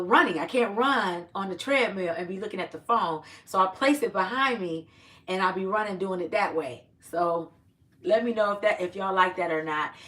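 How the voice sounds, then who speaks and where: A woman's voice: mid-range voice, a bit bright, distant mic. A woman hosting a casual livestream, chatting with viewers, greeting them by name and giving upbeat encouragement. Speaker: livestream host. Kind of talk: casual live-stream chat.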